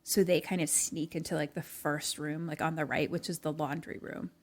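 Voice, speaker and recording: A young woman talks through a movie's plot in casual podcast chat, full of "like"s, slipping into the characters' voices as she goes. Her voice sits on the lower side. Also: level tone, normal speed. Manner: chatty, many "like"s, acts out lines from the film. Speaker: podcast co-host.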